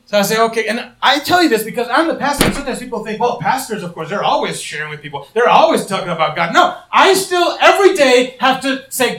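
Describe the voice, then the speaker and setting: A middle-aged male pastor preaching a sermon in church, telling stories with lively acted-out voices. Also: very high voice, fast, few pauses, echoey room, distant mic, rough recording. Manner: animated storytelling, acting out quoted voices.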